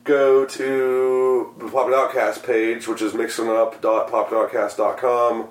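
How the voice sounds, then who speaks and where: A man's voice: mid-range voice, level tone, a little slow, echoey room. Profane podcast host losing his voice. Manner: profane, rambling, self-mocking. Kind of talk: casual podcast chat.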